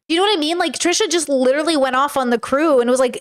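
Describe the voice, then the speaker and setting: High-pitched young woman streamer, rambly and sweary, just chatting with chat. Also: very fast. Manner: rambling, filler-heavy, swearing. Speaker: streamer reacting to clips. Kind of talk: casual reaction chat to a live chat.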